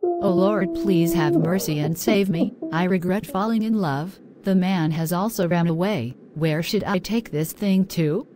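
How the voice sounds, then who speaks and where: A woman's voice: lowish voice, a little slow, hardly any pauses, background noise, lightly acted. A woman voicing a naive, trusting young Christian woman in an amateur animation, talking earnestly and pleadingly. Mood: distraught.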